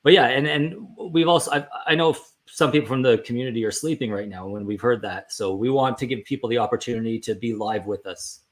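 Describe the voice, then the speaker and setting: A man's voice: mid-range voice, fast talker, few pauses. A man, a team member chatting casually on a livestream, friendly and rambling with frequent restarts.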